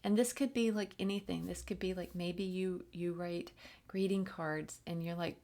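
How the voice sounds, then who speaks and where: Gentle woman giving a spiritual reading. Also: on the low side, steady tone, normal speed. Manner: gentle and encouraging, many fillers and restarts, drops to soft whispers. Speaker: channeled reader.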